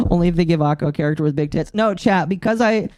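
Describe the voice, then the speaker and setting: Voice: medium pitch, quick pace, no room sound, studio quality. A streamer hosting a casual live stream, ranting with plenty of swearing and laughter. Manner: profane, animated ranting with frequent laughter. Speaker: streamer host.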